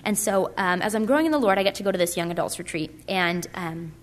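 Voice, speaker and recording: Animated and fast, this young woman's medium-pitched voice carries a chatty personal testimony at a purity conference. She talks casually, filling it with likes and ums.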